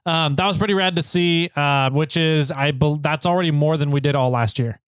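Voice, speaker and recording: A man's voice: fairly high pitch, a little fast, clear, resonant tone, dry recording, clean studio sound. A man co-hosting a podcast in casual, upbeat chat, often laughing and giving short agreeing replies. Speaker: podcast co-host.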